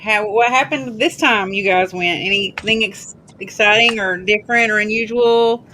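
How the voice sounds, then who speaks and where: A woman hosting a casual interview, playful and quick to laugh. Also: mid-range voice, sharp tone, slight background noise, low-quality recording. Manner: playful, laughing, uses y'all. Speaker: host. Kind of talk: casual chat.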